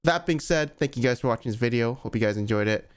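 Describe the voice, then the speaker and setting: A man's voice: mid-range voice, fast, clean tone. A man giving casual, blunt reaction commentary as a gaming YouTuber, with lots of "like" and exasperated asides.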